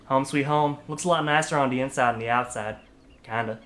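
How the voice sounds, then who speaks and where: A man's voice: medium pitch, brisk, a bit bright, slight background noise, close to an everyday voice. A man voicing a young lizardfolk girl who sneaks home, meek and sheepish. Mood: sly.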